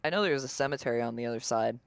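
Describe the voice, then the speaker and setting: A co-host in a casual podcast chat, smooth and clean in tone, at a middle pitch. They speak hesitantly, restarting and filling gaps with "like". The recording is close and dry. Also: very fast, no echo. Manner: hesitant, fills with "like".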